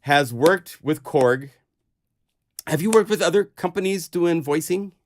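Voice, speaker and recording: A man hosting a casual livestream chat, chatty and quick to laugh, talking over a video call. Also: a little high, a little hiss or hum. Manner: chatty, laughs often, excitable. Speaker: host.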